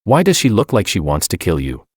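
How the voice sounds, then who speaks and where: A sharp-tongued, confident young woman teases without holding back, as a man reads her part. The voice sits low but moves in a lively way, recorded close and dry for a storybook. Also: a little fast, no room sound. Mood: cold.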